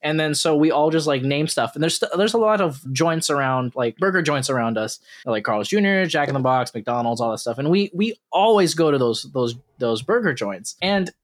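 A young man co-hosting a casual podcast, telling animated stories, swearing and acting out dialogue in funny voices. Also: a little high, normal speed, hardly any pauses. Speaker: podcast co-host. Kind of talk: casual chat.

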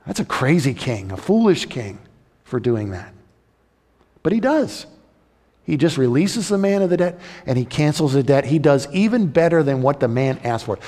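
A man preaching a sermon, animated and acting out the voices of the story's characters. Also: fairly high pitch, long reverb tail. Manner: animated, acts out the crowd and king in raised voices. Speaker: pastor.

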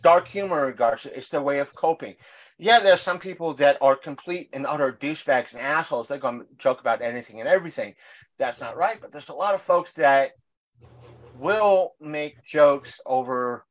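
A man with a fairly high voice talks in loose podcast chat. He rambles through his stories with fillers and restarts and doesn't soften his language. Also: normal speed. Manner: crude, blunt language. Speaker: podcast co-host. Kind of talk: casual chat.

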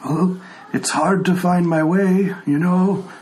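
A man's voice: sits high, steady tone, slow, a little mellow, a little hiss or hum, pitched above the performer's own voice, rough recording. A man voicing an old blind male tiefling who speaks politely in a raised, slightly quavering voice. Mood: courteous.

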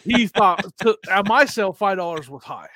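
A middle-aged man co-hosting a podcast, telling rambling anecdotes with quick laughs and acting out the voices of people in his stories. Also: high voice, lively intonation, sharp tone, dry recording, clean studio sound. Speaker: podcast co-host. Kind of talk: casual chat, storytelling.

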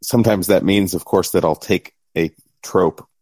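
A middle-aged man with a low, mellow voice talks casually on a podcast. His delivery is easygoing with a dry wit, and the close mic leaves the sound dry and free of room echo. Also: moderate pace, breathy edge. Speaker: podcast co-host and game master.

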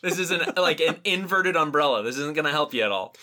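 Man co-host, slightly higher pitch, bright, easygoing and joking. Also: lively intonation, fast talker. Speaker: podcast co-host. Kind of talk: casual chat.

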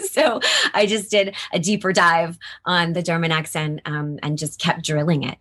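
Low husky-voiced chatty woman. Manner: animated, chatty, laughs often. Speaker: voice actor guest. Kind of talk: casual interview chat.

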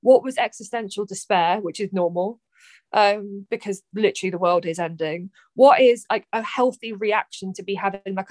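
A woman's voice: medium pitch, moderate pace, no room sound. Chatty young woman, dry sound. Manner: animated, chatty, acts out quoted voices. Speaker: podcast guest, poet. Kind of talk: candid conversational chat.

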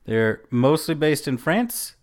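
A man's voice: fairly high pitch, very animated, takes it slowly. Teasing American man chatting casually. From United States. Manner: teasing, joking, rambling. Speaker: podcast co-host. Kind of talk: casual movie chat.

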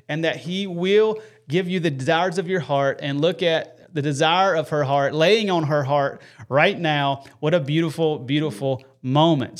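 A man hosting a Christian live show with his wife, talking earnestly and greeting viewers by name. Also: sits high. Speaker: host of a Christian web show. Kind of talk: casual faith talk and viewer shout-outs.

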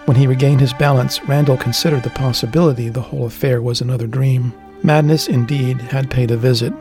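A man reads a dark fantasy chapter aloud at a steady, deliberate pace and a mid-range pitch. Faint music plays under the narration. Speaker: audiobook narrator.

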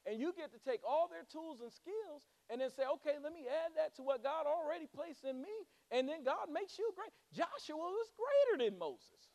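A man's voice: extremely high pitch, a little mellow. A male pastor preaching a sermon with rising fervor and humorous asides.

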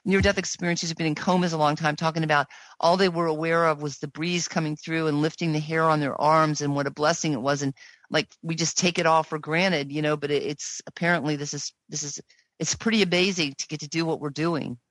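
A woman's voice: sits low, steady tone, brisk, no room sound, poor audio. A woman guest in an interview, speaking earnestly and enthusiastically about spiritual experience. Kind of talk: casual interview chat.

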